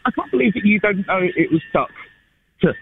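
A man's voice: high-pitched, animated, fairly quick, breathy edge. A man calling in to a radio show while waiting for a train, teasing the host in a hesitant way with many restarts. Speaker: caller. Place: outdoors at a busy train station. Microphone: phone. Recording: tinny phone line with loud station noise.

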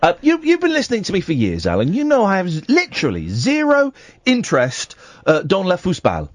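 A man hosting late-night radio, speaking in a high, animated voice that jumps all over the place. His delivery is jokey and mock-outraged, full of restarts and tangents. The studio mic sounds close and dry. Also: a little fast, no room sound. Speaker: radio host. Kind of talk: late-night phone-in chat. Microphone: studio microphone.

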